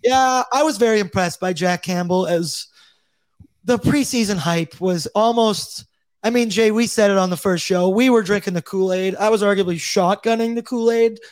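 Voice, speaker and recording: Upbeat high-voiced male hockey podcast host. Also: normal speed, no echo. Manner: upbeat, reads chat comments aloud. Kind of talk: casual sports talk show.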